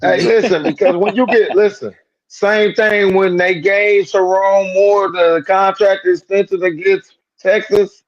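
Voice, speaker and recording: A man co-hosting a sports call-in show, talking in a loose, slangy, animated way and riffing on jokes. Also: high-pitched, measured pace, muffled recording. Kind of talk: casual sports talk.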